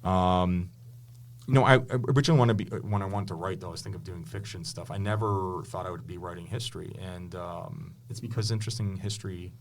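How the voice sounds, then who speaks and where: A man's voice: low voice, fast, slight background noise. A man, a history teacher and author, telling stories with eager enthusiasm and many restarts in a casual interview. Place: indoors with a podcast host.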